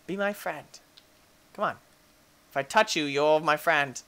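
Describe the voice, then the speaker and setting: An excitable man gives Let's Play commentary, swooping between squeals and soft baby talk. His voice sounds bright and sharp, and his pitch jumps all over. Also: normal speed. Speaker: gaming channel host.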